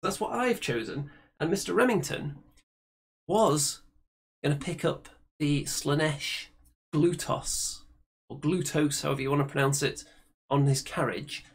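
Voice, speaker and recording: A man's voice: fairly high pitch, moderate pace, creaky, husky. A man hosting a casual hobby chat show, presenting the segments in a chatty way. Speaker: host.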